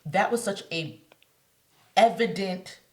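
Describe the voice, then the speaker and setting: A woman's voice: medium pitch, takes it slowly, a little mellow. A woman co-hosting a podcast who works as a therapist, chatting casually and agreeing often. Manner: supportive, frequent agreeing. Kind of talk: casual chat.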